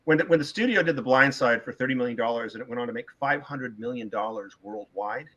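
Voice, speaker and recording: Emphatic middle-aged man, bright tone. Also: medium pitch, fast, highs cut off. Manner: emphatic, opinionated, repeats words for stress. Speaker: author being interviewed. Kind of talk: casual podcast interview talk.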